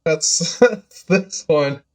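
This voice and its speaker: A man's voice: on the high side, lively intonation, very slow. A man chatting casually while streaming a game, playful and laughing often. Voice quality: playful, laughs often, hams up reading foreign text aloud. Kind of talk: casual gameplay commentary.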